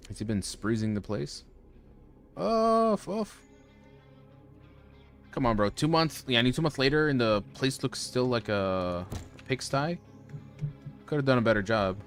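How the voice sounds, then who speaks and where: A man's voice: medium pitch, normal speed, faint music behind. A man streaming a horror game, reading its lines aloud with joking asides. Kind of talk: casual let's-play commentary.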